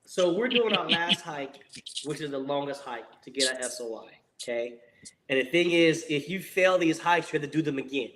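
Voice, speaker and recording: A man in his forties with a notably high voice tells a long story in casual chat. He swears freely and laughs through his lines, animated and unfiltered. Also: moderate pace. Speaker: guest, former Marine.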